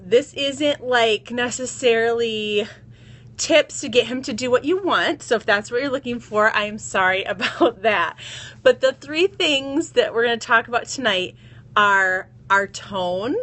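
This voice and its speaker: A woman's voice: medium pitch, sharp tone. A woman in her thirties hosting a casual live stream from her phone, chatting with viewers, greeting them by name and laughing often.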